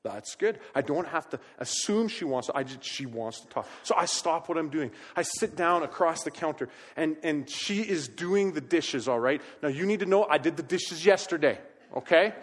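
Male pastor, sermon, high-pitched voice, lively storytelling, echo of a large church hall. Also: normal speed. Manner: animated storytelling, hollering when quoting himself. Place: church sanctuary. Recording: long reverb of a church hall.

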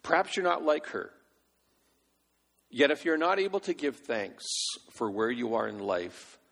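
A man preaching a sermon, animated, acting out the voices in his stories. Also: mid-range voice, vocal fry. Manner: animated, acts out quoted voices. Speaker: pastor. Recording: long hall reverb.

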